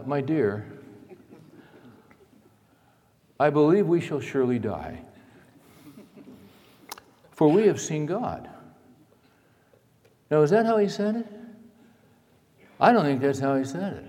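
Pastor guy preaching, goes loud then real quiet, long echo in a big church hall. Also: medium pitch. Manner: dramatic, swings between loud emphasis and hushed asides. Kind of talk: sermon.

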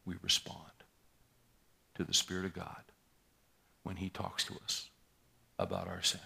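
Low gravelly older male preacher. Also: completely flat delivery, a little slow. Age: 60s. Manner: re-enacts confrontations, rising to forceful preaching. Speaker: pastor. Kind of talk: sermon storytelling.

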